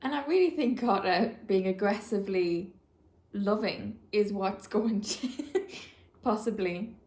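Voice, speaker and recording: A woman's voice: medium pitch, unhurried, darkish tone. A young woman chatting to camera about books she is reading. She gushes with feeling and says "like" a lot. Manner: gushing and emotional, often saying "like". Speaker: book vlogger. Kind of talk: casual reading vlog. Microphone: camera mic. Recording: roomy echo.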